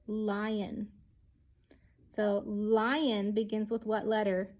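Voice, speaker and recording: A woman's voice: fairly high pitch, slow, pauses often, a little mellow. A woman teaching a children's lesson, speaking patiently and sounding out each letter.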